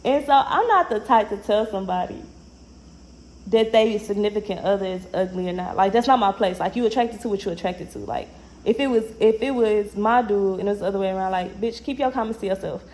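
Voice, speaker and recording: A young woman casually telling a personal story in a slangy, animated way, acting out the lines she quotes. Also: medium pitch, brisk, rough recording.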